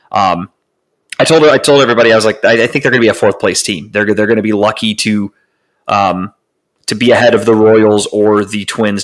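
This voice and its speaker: A man's voice: lowish voice, a bit bright, poor audio. A man co-hosting a podcast, rambling through casual sports chat with lots of profanity and restarts. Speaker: podcast co-host.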